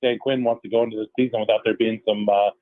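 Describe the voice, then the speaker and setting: Steady man, flat delivery, dry phone-in audio, team reporter. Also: on the low side, fast, no room sound. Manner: steady, lots of uh fillers. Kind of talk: phone-in radio interview. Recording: tinny phone line.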